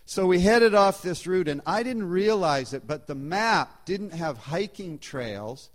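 A man telling a personal anecdote to a live audience in a chatty, animated way, his loudness shifting as he goes. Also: high-pitched, unhurried. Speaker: storyteller.

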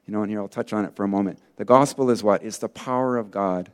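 A man's voice: lowish voice, fast talker, smooth. A man preaching a sermon in an earnest, rambling way, full of fillers and restarts. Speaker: pastor.

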